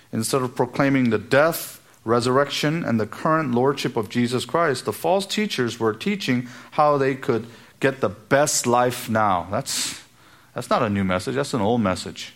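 A man preaching an expository sermon, walking through a Bible passage and acting out everyday speech in quoted asides. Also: mid-range voice. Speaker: pastor.

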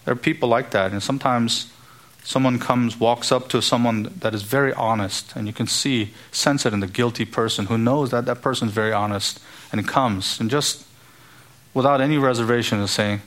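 A man's voice: mid-range voice, normal speed, a bit bright. A man preaching an expository sermon in an earnest, emphatic way, now and then acting out the voices he quotes.

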